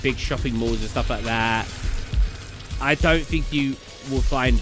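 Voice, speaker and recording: A young British man talks over a live game stream in a loose, rambling way, stumbling and restarting as he chats. His voice sits at an ordinary middle pitch, with faint music playing underneath. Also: unhurried. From Britain. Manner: rambling, chatty, stumbles over place names. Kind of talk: casual chat while live gaming.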